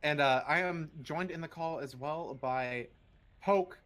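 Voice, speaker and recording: A man sits in as co-commentator on a speedrun stream, relaxed and joking, with a slightly high voice. He hesitates often and fills gaps with "uh" and "I mean.". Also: unhurried. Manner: hesitant, many fillers, laid-back joking. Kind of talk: casual esports commentary.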